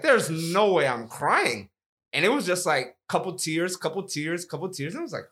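A man telling stories in casual podcast chat, relaxed, with trailing pauses and fillers. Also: fairly high pitch, slightly rough. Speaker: podcast co-host.

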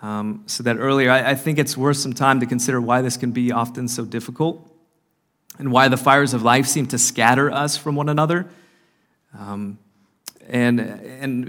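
A man gives an earnest talk at a church conference in a mid-range voice. He often pauses on fillers and restarts his phrases as he speaks. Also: medium pitch, fairly even intonation, fairly bright tone. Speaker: conference speaker and podcast host. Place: conference hall.

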